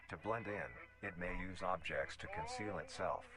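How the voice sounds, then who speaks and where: A very deep-voiced documentary narrator. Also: male voice, animated, a crowd in the background. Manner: measured, clinical. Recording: narration over music.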